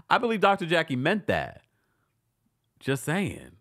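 A man's voice: fairly high pitch, wildly swooping pitch, measured pace, fairly bright tone. A man hosting a casual live-stream recap, reading viewer comments aloud and chatting with frequent laughs and asides. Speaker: recap show host reading live chat.

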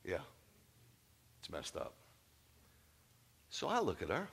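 A man preaching a sermon as a rabbi, telling a story with humor, moving from quiet asides to loud punchlines. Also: medium pitch, wildly swooping pitch, normal speed, long pauses, husky.

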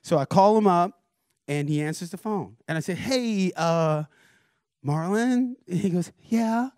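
A man, a record producer and guest speaker, telling a lively story at a university forum, acting out voices and chuckling often. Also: high-pitched, a little fast, no room sound, clean studio sound. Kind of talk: animated storytelling talk.

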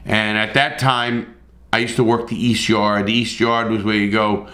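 A man's voice: lowish voice, level tone, moderate pace, pushed and bright, echoey room. A middle-aged man telling a story in a blunt, profane, casual way, with repeated starts.

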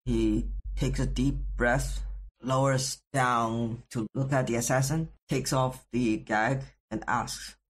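Husky man narrating a role-play. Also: mid-range voice, fairly even intonation, takes it slowly. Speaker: tabletop role-play player.

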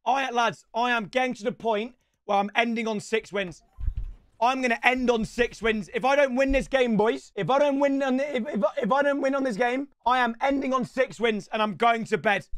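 A young man streaming a football game, loud and excitable, breaking into shouts. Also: very high voice. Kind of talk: excitable gaming livestream.

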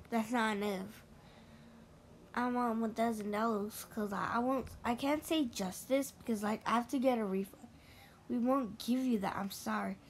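Brief: female ASMR host, soft game playthrough, unhurried delivery, slightly high voice, hushed at times. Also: slight background noise. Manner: soft-spoken, reads game chat aloud, with slips and drifts into whispers.

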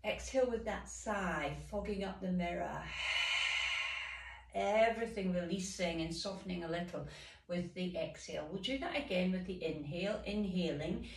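Woman yoga teacher, calm gentle cues, slight fry, mid pitch, heard from across a room. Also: normal speed, recorded from a distance. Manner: calm, gentle cueing with sighing breaths. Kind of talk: guided yoga instruction. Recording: roomy, from off the mic.

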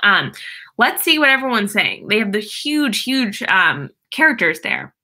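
A young woman hosts a casual live stream from home, chatting and reading viewer comments aloud with plenty of fillers and laughter. Her mid-range voice is sing-song, unhurried, pushed and bright.

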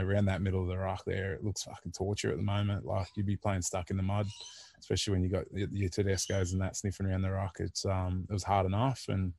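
A man's voice: sits low, darkish tone, no echo. A man in his thirties with an Australian accent, a former rugby league player chatting laid-back on a podcast, full of fillers and casual swearing. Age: 30s. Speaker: retired rugby league player, interview guest.

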